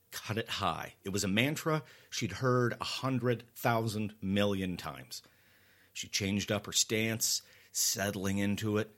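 Male horror storyteller, low-pitched, deliberate and dramatic, hushes for the grim beats. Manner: dramatic, slow and hushed at tense moments. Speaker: narrator. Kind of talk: scripted horror story narration.

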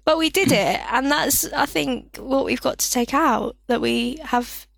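Woman guest, high voice with gravelly fry, giggly and apologetic, dry sound. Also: measured pace, a bit bright, no room sound. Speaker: guest partner. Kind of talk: casual chat.

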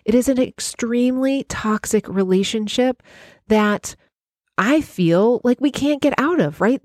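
A woman's voice: a little high, measured pace, a little mellow, no room sound, studio quality. A woman who works in healthcare, hosting a solo podcast in an emphatic, heartfelt, conversational way. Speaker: podcast host and healthcare worker.

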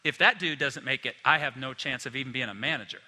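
A man preaching a sermon as pastor, animated and acting out the voices of the people he quotes. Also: mid-range voice, fast talker. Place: church hall. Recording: long reverb of a large hall.

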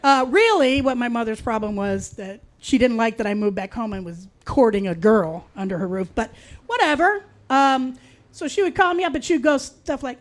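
A middle-aged woman telling a personal true story in a wry, confiding way, with dark humor. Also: a little high, moderate pace.

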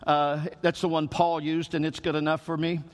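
High-voiced preacher in a reverberant hall. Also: male voice, level tone. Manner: preaching with emphatic rises and slow, stretched phrases. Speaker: pastor. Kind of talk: sermon.

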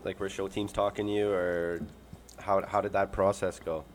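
Male podcast host, very low voice, blunt and crude, asks questions casually. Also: little pitch movement, normal speed, noisy background. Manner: blunt and profane. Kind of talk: casual interview chat.

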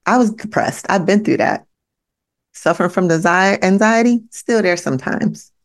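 A woman hosts her podcast in a gravelly voice that sits at an ordinary middle pitch. She speaks bluntly and swears freely, giving a motivational monologue and hammering her points home by repeating them straight to the listener. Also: expressive, moderate pace. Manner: blunt, profane, pep-talk delivery; emphatic repetition to the listener. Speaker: podcast host.

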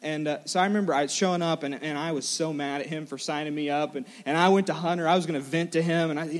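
Young male preacher, animated and self-mocking storyteller, fairly high voice, echoing hall. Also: quick pace, hardly any pauses. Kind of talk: storytelling sermon. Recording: large hall with long reverb.

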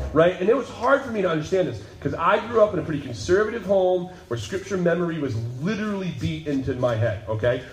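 Man, pastor, lively sermon storyteller, slightly high voice, roomy echo, getting over a cold. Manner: animated storyteller, acts out voices. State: lingering cold, coughing. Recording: echoey room.

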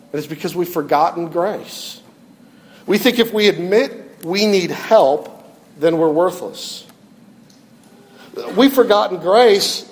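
A middle-aged man preaching a sermon, telling a story and swinging between loud appeals and quiet, soft passages. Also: high-pitched, slight background noise. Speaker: pastor.

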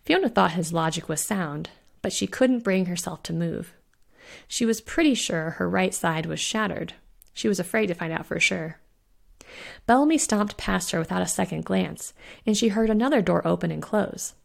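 A woman reads her own spooky short story aloud in a steady storyteller's voice. Her voice sits low with a gravelly texture, and the delivery stays even throughout. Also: moderate pace. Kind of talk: scripted narration.

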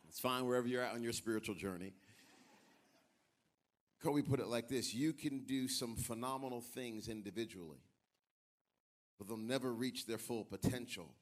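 A middle-aged man preaching a sermon as pastor in a church, animated and acting out the voices of people in his stories. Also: medium pitch. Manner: animated, acts out voices of others. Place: church sanctuary.

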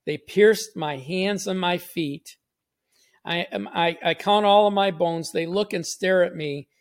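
Man, high voice, devotional host, reads scripture, earnest conversational preaching. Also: unhurried. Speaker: podcast host and Bible teacher. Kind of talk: short devotional teaching with scripture reading.

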